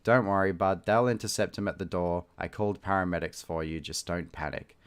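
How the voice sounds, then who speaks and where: A man's voice: deep voice, fairly even intonation, a little fast, clear, resonant tone, lightly acted. A man voicing a worried mall security coworker calling over the radio, urgent and fussing. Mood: reassuring.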